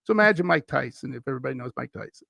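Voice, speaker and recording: A man's voice: mid-range voice, lively intonation, very fast, vocal fry, fairly bright tone, no echo. A man from Wisconsin, a guest on a paranormal podcast, telling a story in a casual, rambling way with many "uh"s and chuckles. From Wisconsin, USA.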